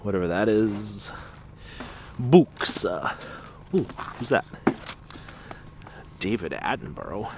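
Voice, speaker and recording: Man, casual vlog, slow unhurried delivery, chatty and excitable, outdoors at night, faint street noise. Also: on the low side. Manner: chatty, excitable, talks to the camera. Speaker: trash picking vlogger. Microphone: small camera-mounted mic.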